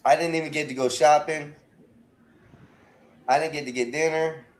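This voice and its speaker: Podcast host guy, kinda high voice, rambling story, stammers a lot. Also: steady tone, normal speed, slight background noise. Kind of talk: casual storytelling chat.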